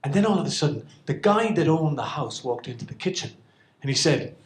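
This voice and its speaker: Irish man, middle-aged, comic storyteller, expressive swooping pitch, live audience, echoey hall. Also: brisk. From Ireland. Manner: animated, self-mocking, playful with the crowd.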